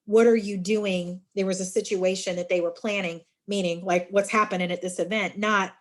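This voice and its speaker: A middle-aged woman, a university staff director, giving a friendly leadership workshop talk and calling her listeners friends, with lively asides as she tells stories. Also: medium pitch, moderate pace. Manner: lively storytelling with emphatic asides. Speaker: university student involvement director.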